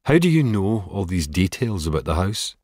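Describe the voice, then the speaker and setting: Angry strained husband, guy reading it, deep and husky. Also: big pitch swings, moderate pace, dry recording, studio quality. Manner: strained, shouting at times.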